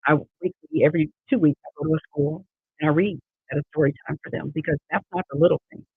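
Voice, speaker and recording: A woman in her fifties speaks earnestly in an interview, her husky, gravelly voice leaning on repeated phrases for emphasis. The sound is tinny and phone-like. It is also dry, with no room around it. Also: sits low, steady tone, quick pace, no echo. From Erie, Pennsylvania. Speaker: judicial candidate guest. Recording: tinny dry online call audio.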